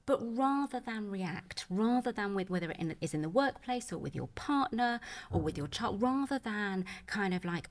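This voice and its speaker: A woman's voice: medium pitch, expressive, moderate pace, hardly any pauses. A woman speaking as a menopause expert guest on a podcast, earnest and reassuring, with plenty of "you know". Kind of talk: podcast conversation.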